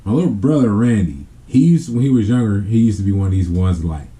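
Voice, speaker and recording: A man's voice: lowish voice, animated, fast, dark tone. A man telling a family story in a casual, rambling way. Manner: rambling, with many fillers and restarts. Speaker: family vlogger.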